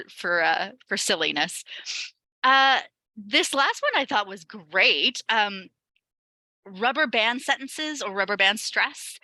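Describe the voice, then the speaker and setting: Bright, chatty woman presenting a webinar. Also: medium pitch, no echo, low-quality recording. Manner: chatty and upbeat, with frequent ums and laughs. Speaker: ESL teacher leading a teacher webinar.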